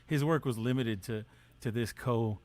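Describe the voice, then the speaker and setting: A man's voice: mid-range voice, normal speed, darkish tone. A man co-hosting a podcast, talking in a laid-back, joking way with many hesitations and fillers. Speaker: podcast co-host. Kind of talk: casual chat.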